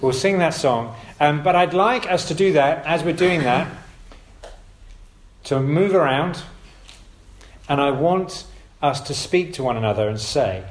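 A man's voice: on the high side, animated, a little slow. A man giving an informal sermon to his congregation, talking in a conversational, emphatic way and often correcting himself. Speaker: preacher. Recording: roomy echo.

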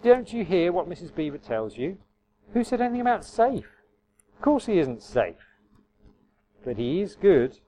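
A man's voice: high voice, sing-song, moderate pace, pauses often, mellow, slight background noise, voice pushed up. A man reading aloud as a stern male beaver from a storybook, speaking with firm emphasis. The recording is slightly muffled. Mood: stern, insistent.

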